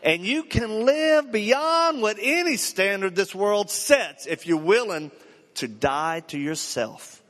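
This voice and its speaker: A man's voice: high-pitched, slow. Older preacher man in an echoing hall. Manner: animated, acts out dialogue in his stories. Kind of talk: live sermon storytelling. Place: large hall before a live audience. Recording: long reverb of a live hall.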